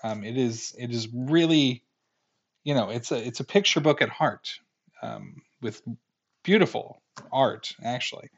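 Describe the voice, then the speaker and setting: A man's voice: medium pitch, expressive, a little slow, husky, muffled recording. A man in his thirties hosting a casual film review podcast, rambling with many fillers and mocking critics' language. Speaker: podcast host.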